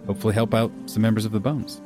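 A man narrating as game master of a tabletop game, unhurried and given to laughing. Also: on the low side, little pitch movement, music in the background. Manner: slow, drawn-out narration, laughs often.

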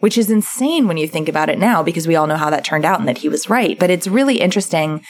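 Lady summing up a book on a podcast, kinda low voice, goes point by point. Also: expressive, fast talker. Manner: explains in lists, acts out quoted voices. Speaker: podcast co-host summarizing a book. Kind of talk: casual chat.

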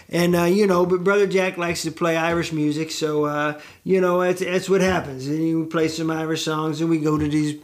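Chatty, rambling middle-aged man. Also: on the high side. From United States. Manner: chatty, self-deprecating, digressive with many fillers. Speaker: show host and musician. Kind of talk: rambling casual storytelling to camera.

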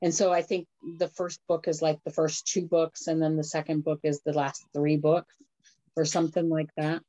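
A woman's voice: sits low, level tone, moderate pace, warm tone, slight background noise. A woman in a casual book group discussion, explaining things with many fillers. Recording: dull lo-fi sound.

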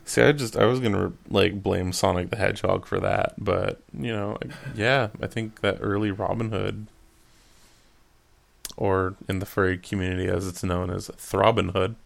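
A man's voice: low-pitched, steady tone, normal speed, vocal fry. A young man co-hosting a podcast, rambling and making crude jokes with lots of fillers. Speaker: podcast co-host. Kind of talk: casual podcast chat.

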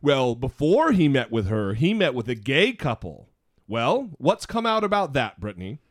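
A man co-hosting a casual podcast, with a lively, swinging delivery and quick asides. He pokes fun at himself as he talks. The recording is dry and close, with no room sound. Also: medium pitch, no room sound. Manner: animated, self-mocking, quick asides. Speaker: podcast co-host.

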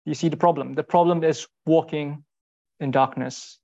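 A man giving a sermon in an earnest, rhetorical way, repeating short phrases and pausing for weight. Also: on the high side, steady tone, vocal fry, a little mellow, dull audio. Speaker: speaker giving a Bible talk.

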